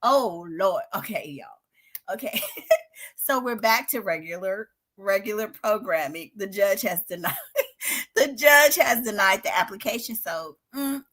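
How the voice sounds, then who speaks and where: Covering a trial live from her spare-bedroom home studio, this excitable woman speaks at a medium pitch and a slightly slow pace. She's dramatic, bursting into loud exclamations and laughter and swinging from shouts to whispers.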